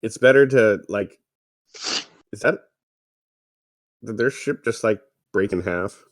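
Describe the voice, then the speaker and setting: A man co-hosting a comedy podcast, making rambling deadpan jokes about an old movie. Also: fairly low pitch, takes it slowly, no echo, clean studio sound. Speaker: podcast co-host. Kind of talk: casual movie riffing commentary.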